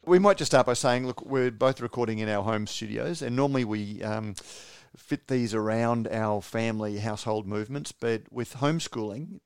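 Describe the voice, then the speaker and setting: A man's voice: medium pitch, clear, resonant tone, no echo. A man with an Australian accent co-hosting a podcast from his home studio, chatting casually with lots of fillers and easy laughs. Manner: laughs easily, halting with fillers. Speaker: podcast co-host. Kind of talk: casual chat.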